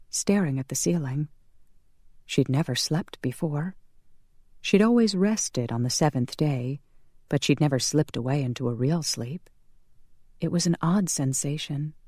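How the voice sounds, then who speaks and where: Calm audiobook narrator, steady mid voice, dry close recording. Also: mid-range voice, no echo. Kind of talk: scripted narration.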